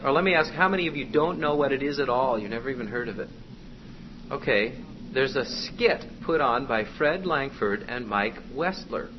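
A man's voice: medium pitch, expressive, moderate pace. A man preaching a conversational, exhorting sermon to his congregation. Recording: dull lo-fi with faint noise.

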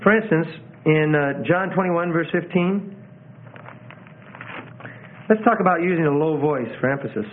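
A man's voice: on the high side, normal speed, pauses often, slight background noise. A man teaching about sermon delivery in a conversational way, often repeating phrases and correcting himself. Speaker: preaching instructor. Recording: tinny phone-like audio.

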